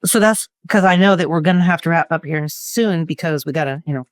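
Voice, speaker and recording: An animated woman therapist chats on a podcast, often slipping into her clients' voices as she talks. Her speech is casual and Southern-tinged. The sound is dry and close, with no room in it. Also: sits low, a little fast, no room sound. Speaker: therapist and co-host.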